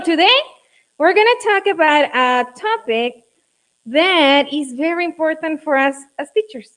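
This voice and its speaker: A woman with a Mexican accent leading a teacher workshop, speaking slowly and coaxing the group along. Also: sits high, poor audio. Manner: slow, coaxing, checks on the group often. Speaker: teacher trainer. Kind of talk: classroom workshop.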